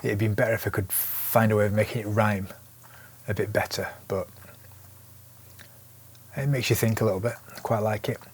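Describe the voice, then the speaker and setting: A man's voice: lowish voice, normal speed, long pauses, slight background noise. A man teaching lyric writing in a casual, thinking-aloud way. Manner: relaxed, thinking aloud with restarts. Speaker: songwriting teacher. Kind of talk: casual instructional talk.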